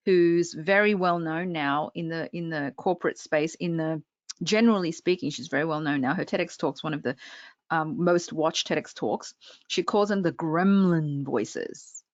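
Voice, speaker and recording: Woman speaking coach, lowish voice, engaging online workshop, dull lo-fi dry audio. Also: no echo. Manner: engaging, addresses audience directly with frequent check-ins.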